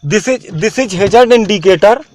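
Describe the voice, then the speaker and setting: A man, talking to camera in a halting, repetitive way that keeps restarting phrases. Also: high voice, animated, a little mellow. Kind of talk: rambling talk to camera.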